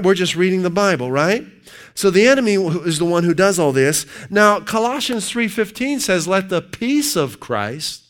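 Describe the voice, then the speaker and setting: A man preaching a sermon, asking his congregation questions and shifting from loud, emphatic reading of scripture to low, quiet asides.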